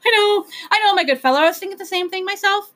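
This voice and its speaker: A woman voicing an excitable, flustered male creature king in a storybook reading, high and fluttery. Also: quick pace.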